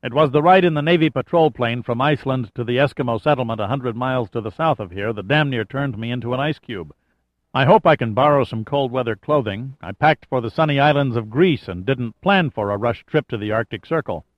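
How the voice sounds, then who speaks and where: A man reading as an enthusiastic male archaeologist around forty, with a quick, blurting manner, in a dry, slightly muffled audiobook recording. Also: mid-range voice, dry recording, natural voice. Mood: curious.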